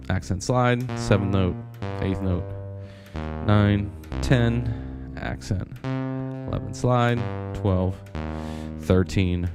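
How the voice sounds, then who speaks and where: A man with a very low voice walks through programming a bass line step by step in a relaxed, conversational way. He counts out beats aloud and checks in with frequent tag questions. Faint music plays in the background. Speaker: synth instructor. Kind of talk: casual demonstration tutorial.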